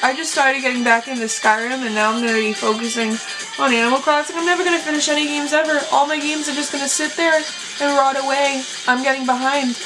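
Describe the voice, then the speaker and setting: A woman's voice: sits high, steady tone, quick pace, music in the background. A woman reacting live to a video game showcase, gasping, squealing and talking over the trailers. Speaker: gaming YouTuber reacting to a showcase. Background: game trailer audio playing.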